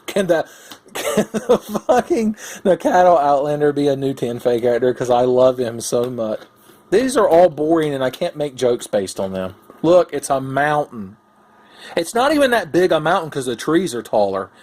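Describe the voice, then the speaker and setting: A man's voice: a little high, moderate pace. Sarcastic, foul-mouthed young man. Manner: profane, sarcastic, animated. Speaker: host. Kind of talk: casual comic card commentary.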